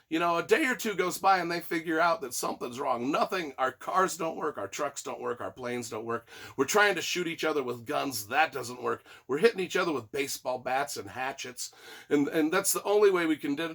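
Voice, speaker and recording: Brash, bright-voiced male book reviewer. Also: on the high side, husky. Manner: rambling and profane, with sarcastic asides. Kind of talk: casual spoken book review.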